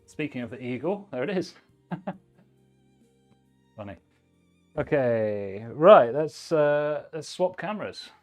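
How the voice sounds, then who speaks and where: A man's voice: mid-range voice, sing-song, slow, long pauses, darkish tone, soft background music. Chatty man giving blunt PC advice. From United Kingdom. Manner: chatty, blunt advice, thinks aloud while working. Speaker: livestream host, PC builder. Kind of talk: casual live-stream chat.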